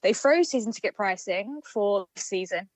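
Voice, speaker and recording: A woman's voice: mid-range voice, animated, no room sound. Earnest woman, close and dry. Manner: earnest, measured, with many ums and restarts. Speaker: supporters' trust representative. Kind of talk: casual interview chat.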